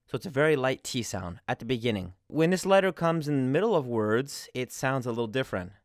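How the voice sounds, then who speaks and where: A man's voice: mid-range voice, expressive, brisk, dry recording, studio quality. A man giving a casual, friendly lesson as a language teacher, explaining step by step with examples.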